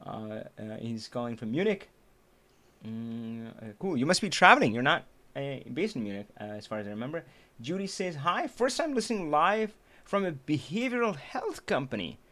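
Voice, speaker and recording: A man hosting a live stream, chatting casually with an animated manner, laughing often and restarting his sentences. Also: on the high side, normal speed. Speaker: livestream host.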